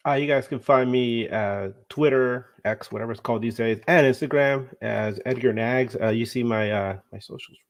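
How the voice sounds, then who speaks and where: A man's voice: mid-range voice, moderate pace, hardly any pauses. A man guesting on a fan show, friendly and a bit hesitant with fillers. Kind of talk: casual podcast chat.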